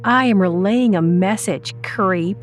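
A frightened but defiant young woman student, played by a female narrator, pushes her lines out in a high, urgent rush. Her voice sits well above a plain speaking register. Soft music hums faintly underneath. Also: unhurried, close to an everyday voice.

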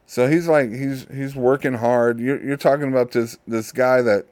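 A man hosting a show who casually retells a Bible story, halting and repeating his words. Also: mid-range voice, fairly even intonation, darkish tone, dry recording. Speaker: host.

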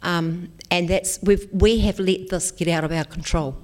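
A woman's voice: lowish voice, steady tone, a little slow, darkish tone. Kiwi woman giving a talk, keeps saying okay?, encouraging. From New Zealand. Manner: encouraging, repeats "okay?" to check in. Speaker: speaker. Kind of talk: motivational talk to an audience.

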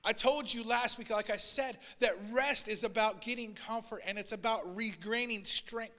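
A man preaching a sermon as pastor, swinging between loud, urgent passages and quiet asides, and voicing Bible figures in a raised voice. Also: high-pitched, moderate pace, in a large hall. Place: church sanctuary.

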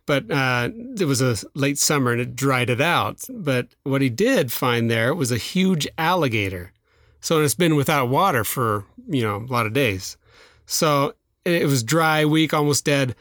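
A man's voice: mid-range voice, lively intonation, a little slow, a bit bright, no echo, studio quality. A man co-hosting a podcast, retelling a folktale in a rambling, casual way with lots of restarts. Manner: rambling, with restarts, filler and laughs. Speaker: podcast co-host. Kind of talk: casual chat, storytelling.

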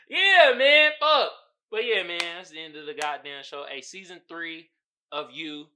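Young male podcast host, high, very bright voice; loose, profane, animated recap. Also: normal speed. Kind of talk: casual chat.

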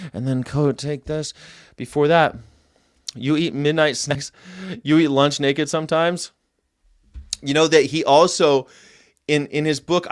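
A man's voice: mid-range voice, clear, resonant tone, no echo, clean studio sound. A man hosting a casual livestream, rambling and chatty as he reacts to viewer comments and tells history tidbits. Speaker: host.

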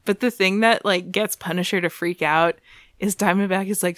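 A woman's voice: lowish voice, fairly even intonation, moderate pace, a bit bright, no echo, clean studio sound. A woman co-hosting a podcast, recapping in casual chat with a lot of laughter, swearing and joking asides. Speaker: podcast co-host.

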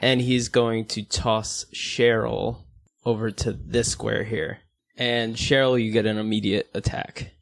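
A man's voice: lowish voice, little pitch movement, slow, vocal fry, no room sound. A man playing a tabletop role-playing game, describing his moves hesitantly. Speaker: player. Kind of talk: casual tabletop game chat.

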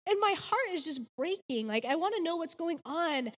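With a high, bright voice and lively intonation, a woman in her thirties talks at normal speed through a sincere faith devotional. She recounts her story earnestly with casual "like"s, and long reverb hangs in the background.

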